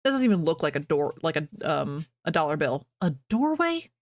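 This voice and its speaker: A bubbly woman streamer chats casually with her viewers from her home office, rambling and poking fun at herself. Her low voice has a sing-song lilt, she talks a little fast, and the recording is dry.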